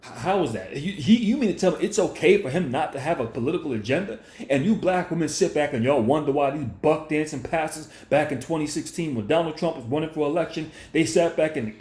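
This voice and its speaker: Man vlogger, raised-pitch confrontational rant, echoey room sound. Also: darkish tone. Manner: confrontational, preachy, repetitive. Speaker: commentary vlogger. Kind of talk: ranting monologue commentary.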